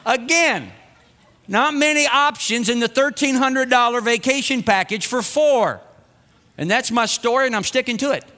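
A man's voice: extremely high pitch, normal speed, pushed and bright. A middle-aged man telling a self-mocking, humorous personal story to an audience. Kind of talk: personal anecdote told to an audience. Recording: long reverb.

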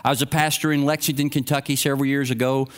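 Male pastor, middle-aged, smooth clear voice, chatty storytelling sermon. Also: mid-range voice, little pitch movement, quick pace. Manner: storytelling, conversational preaching.

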